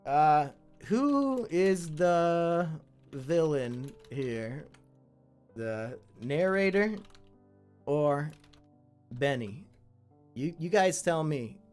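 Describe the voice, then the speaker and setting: A man's voice: on the high side, animated, extremely slow, pauses often, darkish tone, soft background music. A man hosting a live stream, reading out viewer stories and commenting to the chat in a blunt, crude, freely swearing way. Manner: chatty asides to the chat.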